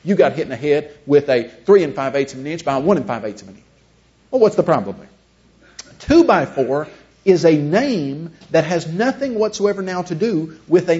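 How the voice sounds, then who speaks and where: High-voiced man teaching with rhetorical questions. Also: a little mellow. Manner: asks the audience rhetorical questions. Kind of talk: conversational teaching lecture. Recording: dull lo-fi recording.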